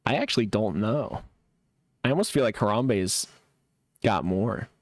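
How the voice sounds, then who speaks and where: A man's voice: lowish voice, expressive, unhurried, no room sound, clean studio sound. A young man streaming a game live, chatting casually with a sarcastic, laid-back manner and frequent laughs while reacting to chat.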